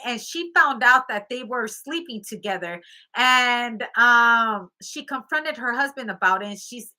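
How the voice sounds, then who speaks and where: A woman tarot reader retells a story in a casual, chatty way. She checks in with her listener often and acts out the quoted lines. Her voice is very bright and sits a little high.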